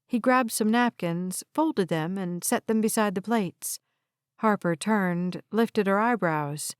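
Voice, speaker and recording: A woman reading audiobook narration in an even, measured way. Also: mid-range voice, clean tone, no echo, studio quality.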